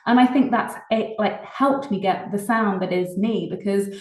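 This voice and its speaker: A British woman, a singer-songwriter, chatting casually in an interview, laughing often between fast bursts of talk. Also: mid-range voice, roomy sound, poor audio. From Britain.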